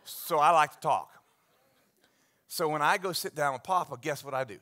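A man preaching as a pastor, telling stories with big swings from hushed asides to loud bursts. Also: fairly high pitch, animated, brisk. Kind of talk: sermon. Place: church sanctuary.

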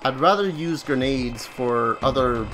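A man's voice: medium pitch, lively intonation, measured pace, over music. A man casually commenting while playing a video game, joking and yelping when startled. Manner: joking, exclaiming, easily startled. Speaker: let's player. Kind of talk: gameplay commentary.

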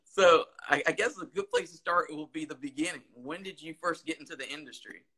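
Bright-voiced male interviewer. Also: fairly high pitch, brisk, breathy edge, poor audio. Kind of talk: casual interview.

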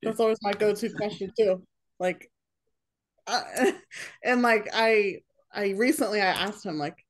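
A woman's voice: mid-range voice, measured pace. A young woman in casual chat who rambles and fills her talk with "like". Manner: rambling, heavy use of "like".

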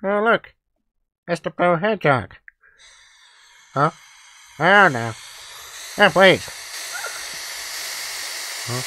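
A man's voice: high voice, lively intonation, extremely slow, long pauses, bright, forceful tone, no room sound, full character voice. A man doing an impression of a middle-aged cartoon dad, commentating a horror game in a hesitant way. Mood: nervous. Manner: hesitant, many uhs, yelps in panic. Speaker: gameplay commentator. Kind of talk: Let's Play commentary in an impression voice. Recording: music playing behind.

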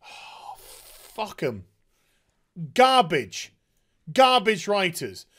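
A man's voice: high-pitched, wildly swooping pitch, very slow, bright, forceful tone. A man reviewing a TV episode in a sarcastic, exasperated rant, swearing freely. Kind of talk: ranting show review.

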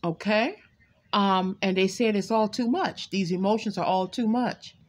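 A woman's voice: mid-range voice, fairly even intonation, a little slow. Chatty woman reading tarot at home. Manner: candid, chatty, breaks off to scold her pet and laughs. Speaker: tarot card reader. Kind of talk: casual tarot reading livestream.

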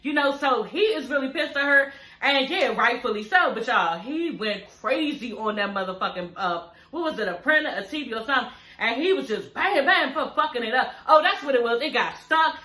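A woman's voice: high voice, lively intonation, a little fast, sharp tone, roomy sound. A woman recapping a reality TV episode in casual chat, swearing freely, laughing often and addressing viewers as y'all. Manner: chatty and profane, keeps addressing viewers as y'all; laughs often while talking.

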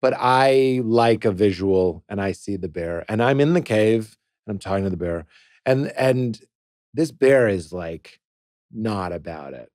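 A man, a comedian guest, tells a personal story in a podcast studio, animated and playful, slipping into quoted voices. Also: lowish voice, a little slow, no room sound. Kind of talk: casual podcast conversation.

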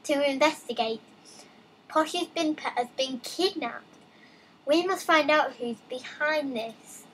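A young woman with a high voice chats through a let's play, reading game dialogue aloud and breaking off into excited asides. She talks casually and a bit rambling. A faint hum of ambience sits behind her. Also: slow, low-quality recording.

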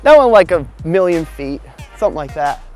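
A man with a fairly high pitch and a fairly quick pace hosts an educational show for children, standing in a windy field with music in the background. His animated, silly delivery is aimed right at the young audience.

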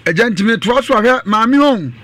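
A Ghanaian man co-hosting a live radio talk show, speaking in an animated way and repeating phrases for emphasis. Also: extremely high pitch, a little fast, no room sound. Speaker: radio co-host. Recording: dry radio studio.

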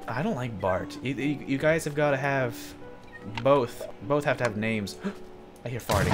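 Over music, a gaming commentator gives an excitable let's play at normal speed. He or she jumps from yelps to low mutters and laughs often.

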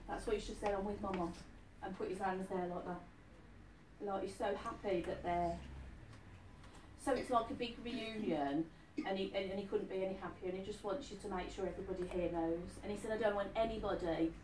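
A woman's voice: medium pitch, fairly quick, a little mellow. A chatty woman in her fifties gives a live stage reading to an audience. She keeps checking in with her listener. Her voice carries from a distance in an echoey hall with a faint hiss behind it. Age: 50s. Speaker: medium. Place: event hall.

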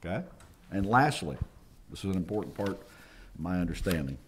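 A man preaching a chapel sermon, lively and acting out quoted voices. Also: low-pitched, fairly quick, a little hiss or hum. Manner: animated, acts out quoted voices. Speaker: chapel speaker. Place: college chapel.

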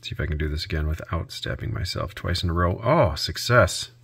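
A man hosting a repair video, narrating his work out loud with dry little jokes to himself. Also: sits low, expressive, brisk, creaky, noisy background. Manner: self-talk with dry jokes. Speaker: host.

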